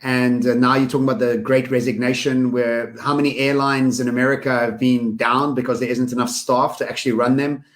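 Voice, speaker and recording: Energetic man co-hosting a podcast. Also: mid-range voice, brisk, few pauses. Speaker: podcast co-host. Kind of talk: casual podcast conversation.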